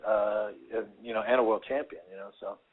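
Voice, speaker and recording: A man, a former fighter and radio guest, telling animated stories full of fillers and acted-out quotes. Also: fairly low pitch, a little fast. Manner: animated storyteller, acts out quotes, many fillers. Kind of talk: casual storytelling on a radio show. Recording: tinny phone line with faint hiss.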